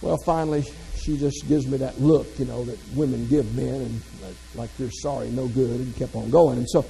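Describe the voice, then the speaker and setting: A man's voice: mid-range voice, steady tone, normal speed, creaky, mellow, big-room sound, slight background noise, low-quality recording. A man from the American South, giving a motivational keynote full of folksy, self-deprecating humor. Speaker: motivational speaker.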